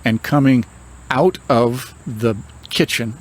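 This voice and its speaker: An older man tells his ghost stories in a calm, measured way. He takes his time and lets dramatic pauses hang between the beats. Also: medium pitch, background noise. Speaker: paranormal investigator and reverend. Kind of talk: storytelling.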